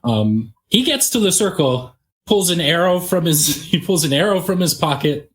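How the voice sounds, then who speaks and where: A man's voice: a little high, lively intonation, moderate pace. A man playing a tabletop role-playing game, joking casually as he describes his character's moves. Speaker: player.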